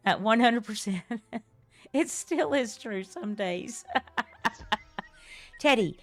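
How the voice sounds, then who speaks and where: A woman's voice: medium pitch, animated, drawn-out words, long pauses, faint music behind. An older woman, chatting effusively and laughing often as she streams a game live and thanks her viewers. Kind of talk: live-stream chat while playing.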